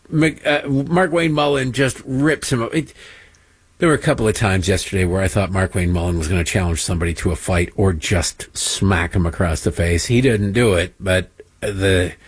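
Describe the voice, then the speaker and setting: Sarcastic guy ranting about politics, husky voice, dead dry mic. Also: expressive, normal speed, no echo. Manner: mocking, mimics people in high silly voices. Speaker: political talk show host. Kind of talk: sarcastic commentary over played clips.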